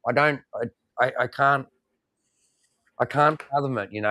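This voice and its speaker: A man's voice: medium pitch, a little slow, long pauses, bright, forceful tone. A man with an Australian accent, a military veteran guest ranting angrily and swearing constantly. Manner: heated, swears constantly, repeats himself. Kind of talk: angry profane rant.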